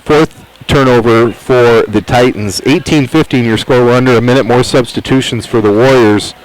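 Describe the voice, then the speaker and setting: A man's voice: medium pitch, poor audio. Midwestern man calling basketball. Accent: Midwestern American. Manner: brisk, calls each play as it happens. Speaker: play-by-play announcer. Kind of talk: live basketball commentary. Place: high school gym at an armory.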